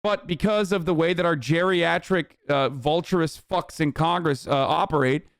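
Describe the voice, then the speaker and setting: Man, streamer, angry profane rant, sarcastic, smooth resonant voice, dry close mic. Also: a little high, normal speed, no echo. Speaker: streamer reacting to news. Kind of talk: angry political rant to chat.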